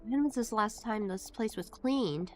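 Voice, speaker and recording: A woman's voice: mid-range voice, measured pace, a little mellow, soft background music. A woman streamer chatting casually with her viewers while playing a game and reading its text aloud. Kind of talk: casual live-stream chat while gaming.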